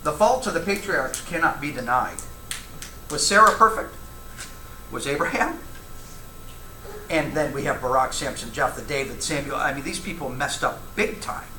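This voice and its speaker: A man's voice: fairly high pitch, moderate pace, pauses often, pushed and bright, a little hiss or hum. A man teaching a church Bible class, talking with the class, asking questions and reading scripture aloud. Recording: echoey room, faint ambience.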